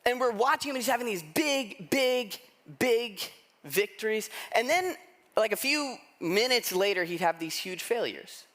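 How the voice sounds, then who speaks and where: Animated preacher man telling a story. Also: sits high, measured pace. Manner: lively storytelling, acting out quoted lines. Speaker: pastor. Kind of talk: sermon.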